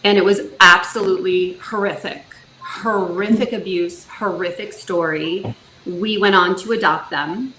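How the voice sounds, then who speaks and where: A woman's voice: lowish voice, fairly even intonation, a little slow, pushed and bright, echoey room, a little hiss or hum, low-quality recording. A woman in her forties from Northern California, earnestly telling her story as a guest in a casual interview, with many fillers and restarts. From Northern California, USA. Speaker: foster parent guest.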